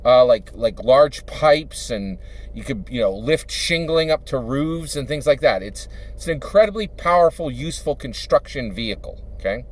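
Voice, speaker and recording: A man's voice: mid-range voice, expressive, moderate pace. A man from Philadelphia, a YouTuber and dungeon master, talking in a casual monologue that rambles with fillers and asks "right?" again and again. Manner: rambling, with many fillers and repeated tags of "right?".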